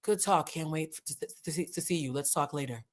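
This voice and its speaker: A woman imitating a very calm, unbothered woman speaking politely on the phone, low-key and serene. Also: a little fast.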